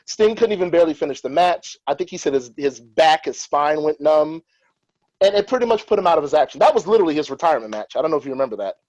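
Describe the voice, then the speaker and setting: A man's voice: fairly high pitch, lively intonation, fast talker, darkish tone, lo-fi sound. A man hosting a podcast, in casual chat, telling stories with animation and strong opinions. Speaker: podcast host.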